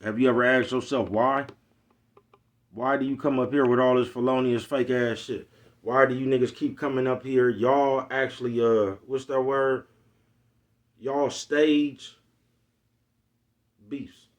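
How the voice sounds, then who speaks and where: A man from East Oakland with a Bay Area accent, ranting bluntly in a casual monologue full of profanity and repeated check-ins with his listeners. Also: medium pitch. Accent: Bay Area Black American English. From East Oakland, California. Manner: blunt, profane street talk, repeats "you know what I'm talking about". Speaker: vlogger.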